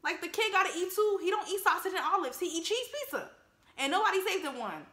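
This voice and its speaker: A young woman giving casual, joking movie commentary in an emphatic, animated way. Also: very high voice, fast talker, roomy sound. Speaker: vlogger reacting to a film.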